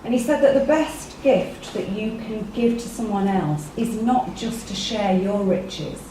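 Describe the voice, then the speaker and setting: She speaks a little slowly, in an expressive, mellow voice of medium pitch, with some hiss or hum audible. A woman with an English accent, she gives a chatty talk to a small live workshop group in a meeting room, frequently asking them questions, recorded with a distant mic amid room echo.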